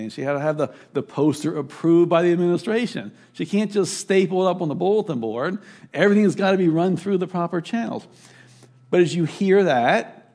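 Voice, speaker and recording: A man's voice: on the high side, a little mellow. A middle-aged man preaching a sermon as pastor, conversational, with sudden rising emphatic bursts.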